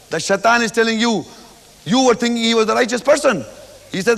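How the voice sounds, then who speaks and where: High-voiced man explaining scripture. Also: creaky, fairly bright tone, long reverb tail. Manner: slow, repeats phrases, acts out the speaker's quoted words. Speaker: Quran teacher. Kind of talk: verse-by-verse religious explanation.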